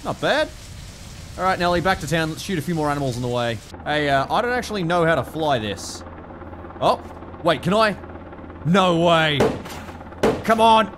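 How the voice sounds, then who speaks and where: Excitable Australian gamer, lively pitch. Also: male voice, normal speed, pauses often, noisy background. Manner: excitable, swears a lot, laughs often. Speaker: gaming YouTuber. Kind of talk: let's play commentary.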